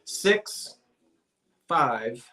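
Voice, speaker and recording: A man's voice: mid-range voice, sing-song, very slow, bright, forceful tone. A man hosting a live online auction of antiques, playful and chatty, joking as he counts down bids.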